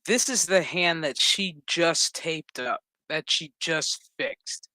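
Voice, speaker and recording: A man hosting a casual recap, rambling and swearing as he acts out scenes. His voice is bright, forceful and a little high. The recording is dry and close. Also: slow, dry recording. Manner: rambling, profane, animated. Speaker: host.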